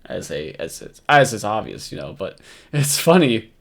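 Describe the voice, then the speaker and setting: This New York-accented man has a lowish, gravelly voice and sounds very animated while talking at normal speed. In his loose reaction commentary he rambles, curses a lot and repeatedly cracks up while ridiculing what's on screen.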